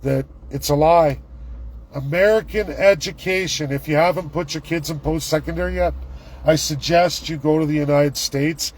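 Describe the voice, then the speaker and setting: A middle-aged man, live-vlogging from a city street on his phone, ranting and repeating excited exclamations. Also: fairly high pitch, moderate pace, low-quality recording. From Canada. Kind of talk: live street vlog commentary. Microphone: handheld phone camera.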